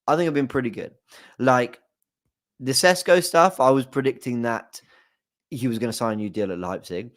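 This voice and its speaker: Young man, low voice, dry close recording, casual rambling chat, lots of ums and hedges. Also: expressive, fairly quick, dry recording. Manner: chatty, hedging, many fillers. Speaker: football fan channel host.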